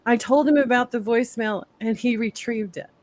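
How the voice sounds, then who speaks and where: A woman's voice: on the high side, normal speed, darkish tone, no echo. A woman chatting casually as a guest, telling stories with many fillers. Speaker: guest tarot reader and medium. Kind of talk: casual chat.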